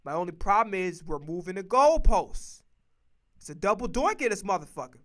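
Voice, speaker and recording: On a stream, a man who does sports commentary rants casually and profanely about football picks, emphatic and repetitive. His voice is high and expressive, at a moderate pace.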